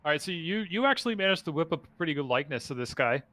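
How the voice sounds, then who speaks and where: A man serves as dungeon master for an online tabletop game, rambling through rules and scenes. He keeps restarting his sentences. His voice sits a little high and sounds bright and sharp. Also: lively intonation, no room sound. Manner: rambling, halting, many restarts.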